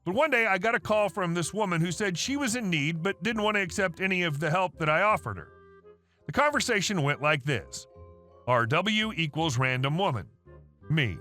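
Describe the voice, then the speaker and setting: A man's voice: high-pitched, lively intonation, moderate pace, sharp tone, soft background music. A man reading online stories aloud in a wry, sarcastic storytelling manner. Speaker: story narrator.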